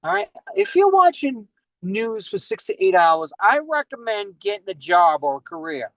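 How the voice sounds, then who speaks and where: A man's voice: high voice, very animated, normal speed, dry recording, low-quality recording. Man, 40s, stand-up comedian, rambling, frequent "all right?" asides, in his car, video call, dry sound.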